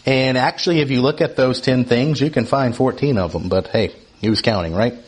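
Lively man teaching Scripture, conversational, keeps asking "right?", voice jumps up for emphasis. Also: a little fast. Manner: animated, often asks "right?", rises in pitch for emphasis. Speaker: Bible teacher.

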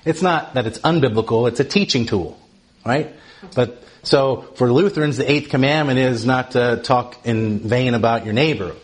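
Animated man teaching the Bible. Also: moderate pace. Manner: animated, often asks "right?", rises in pitch for emphasis.

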